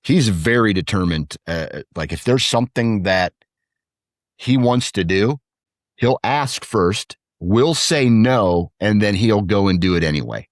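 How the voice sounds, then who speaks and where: Male guest, 30s, low voice, dry close mic, rambling storyteller. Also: a little slow, no echo. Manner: rambling, animated when quoting his kids. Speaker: podcast guest, hunter and father. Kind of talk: casual storytelling chat.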